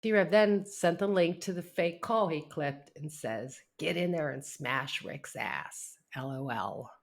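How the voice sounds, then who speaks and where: A man's voice: fairly high pitch, slow pace, vocal fry. A man reading out a string of text messages aloud, adding blunt, profane asides of his own. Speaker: commentary narrator.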